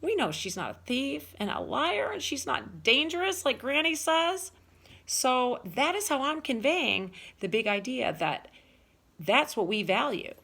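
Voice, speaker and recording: A woman teacher giving a recorded lesson to children. She explains slowly and keeps asking the listeners questions. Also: high voice, sing-song, creaky, pushed and bright, husky.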